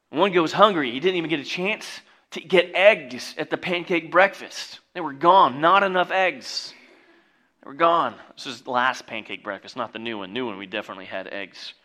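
A man preaching a sermon, reading scripture and breaking into jokey asides and loud exclamations. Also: a little high. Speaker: pastor.

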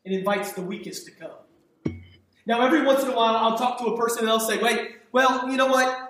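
A man's voice: extremely high pitch, fast talker, fairly bright tone, faint music behind. A man preaching a sermon as pastor, in a conversational, emphatic way with frequent repeats and restarts. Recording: echoey hall, speaker far from the mic.

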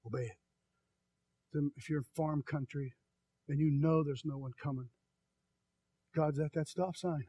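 Preaching man swinging loud to hushed. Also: fairly high pitch, fairly even intonation, husky, no room sound. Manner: swings from soft, slow quiet passages to loud emphatic calls; folksy, tells personal stories. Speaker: pastor. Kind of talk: sermon.

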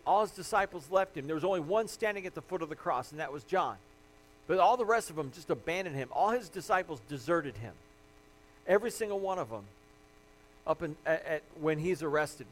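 A man's voice: on the high side, a little hiss or hum, low-quality recording. A man preaching a sermon, earnest and building to impassioned emphasis as he goes. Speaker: pastor.

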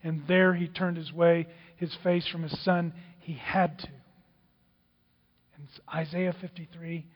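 A man preaching a sermon, dramatic, swinging from loud outbursts to hushed whispers. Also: fairly high pitch, little pitch movement, measured pace. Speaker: pastor. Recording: dull, with long hall reverb.

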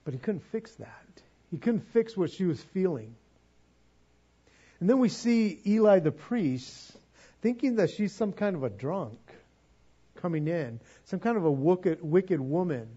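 A man preaching to his congregation with an earnest, pleading manner, doubling back on words as he goes. His voice sits a little high for a man, with a husky, mellow tone. The recording is slightly dull and muffled. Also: very animated, unhurried. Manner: earnest, repeats words when stirred, pleading. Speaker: pastor. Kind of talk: sermon.

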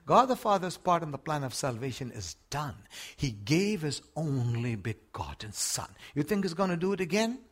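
An older man with an Australian accent preaching a sermon, swinging from hushed words to shouts. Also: a little high, sing-song, moderate pace, husky.

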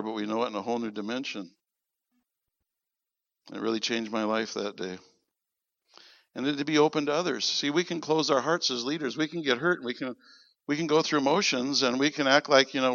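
This preacher tells a personal story from the pulpit, throwing himself into the quoted dialogue with lots of animation. He speaks fairly quickly in a gravelly, mid-range voice. The sound is dull and lo-fi, without any room sound.

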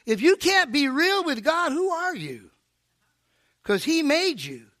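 High bright older male preacher. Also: takes it slowly, no room sound, studio quality. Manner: animated, preachy, joking asides. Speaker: pastor. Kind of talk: sermon. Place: live church service.

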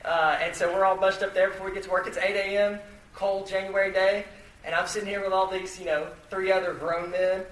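A man's voice: sits high, level tone, a little fast, a bit bright. A man telling a self-deprecating personal story to an audience in a chatty way, full of fillers and restarts. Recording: echoey room, mic at a distance, faint noise.

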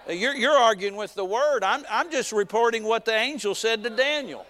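A man with a high voice preaches in a folksy, emphatic way, repeating himself for effect and slipping in homespun jokes. His voice rings out with a long reverb, as in a church hall. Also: moderate pace, bright, forceful tone. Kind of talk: sermon.

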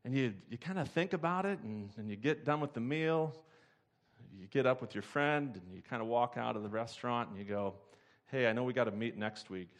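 Male pastor, sermon, animated storyteller, acts out characters, mid-pitched voice. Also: brisk.

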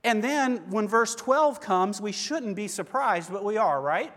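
Earnest high-voiced male preacher, echoing hall. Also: lively intonation, a little slow, fairly bright tone. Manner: earnest, conversational preaching with rhetorical questions. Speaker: pastor. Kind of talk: sermon. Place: church.

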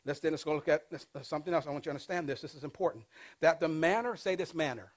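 A man's voice: fairly high pitch, racing. Man preaching with call-and-response. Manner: call-and-response preaching, asks congregation to repeat phrases; swings between loud emphatic bursts and soft asides. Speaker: pastor. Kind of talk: sermon. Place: church before a congregation.

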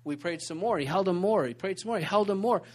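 A man with a notably high voice preaches to a church group in a relaxed, chatty way. He tells his stories with lots of asides and restarts, keeping the feel of an informal teaching session. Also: fast talker. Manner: conversational, animated storytelling with many asides. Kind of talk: informal sermon with storytelling. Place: church meeting room.

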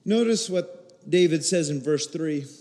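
A middle-aged man preaching a sermon as pastor, earnest and steady, rising into emphatic bursts. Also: fairly high pitch, measured pace. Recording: long hall reverb.

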